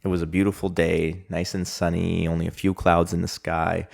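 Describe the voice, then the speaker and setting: A young Canadian man with a low, gravelly voice hosts his own podcast and talks through his week in a loose, rambling way. He leans on fillers and keeps breaking into small chuckles. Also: level tone, normal speed. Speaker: podcast host. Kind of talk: casual solo podcast storytelling.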